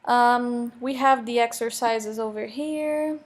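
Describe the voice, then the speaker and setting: A woman, a Portuguese teacher explaining grammar in a recorded online lecture, with joking asides and slowly read examples. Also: on the high side, slight background noise. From Brazil.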